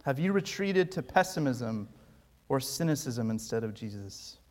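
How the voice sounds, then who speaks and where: A man's voice: medium pitch, big pitch swings, moderate pace, darkish tone. A man preaching a sermon as pastor, earnest and pleading with touches of dry humor.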